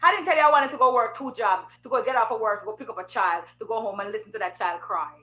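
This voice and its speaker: A woman's voice: on the high side, fast, muffled recording. A woman giving frank, sassy advice in a preachy monologue full of rhetorical questions.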